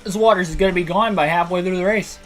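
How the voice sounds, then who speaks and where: A man's voice: high voice, fast talker, faint music behind. A young man streaming a racing game, out of breath and talking in a rambling, laughing way. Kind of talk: casual livestream chat. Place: room at home.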